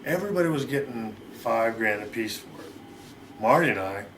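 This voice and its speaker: Middle-aged American man, interview guest, rapid rambling storyteller, faint noise bed. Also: medium pitch, expressive, a bit bright. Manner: rapid, rambling, acts out quoted lines.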